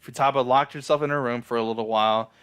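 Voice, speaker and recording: Guy doing a loose anime episode recap, smooth clear voice, swears a lot, keeps restarting. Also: medium pitch, steady tone, fast, fairly bright tone. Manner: rambling and profane, with frequent fillers and restarts. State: feeling down and apologetic. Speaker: anime reviewer. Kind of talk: casual spoken episode recap.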